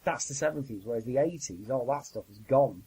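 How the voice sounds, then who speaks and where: A man hosting a podcast, talking in a thoughtful, measured way with some fillers. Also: medium pitch, animated, warm tone, slightly rough, low-quality recording. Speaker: podcast host. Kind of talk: casual podcast chat.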